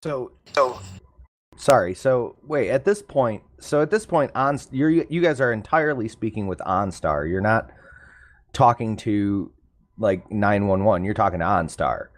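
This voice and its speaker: A man hosting a podcast, asking his guest questions in a halting way. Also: fairly low pitch, animated. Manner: halting, stumbles over his words. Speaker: podcast host. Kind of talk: casual interview questions.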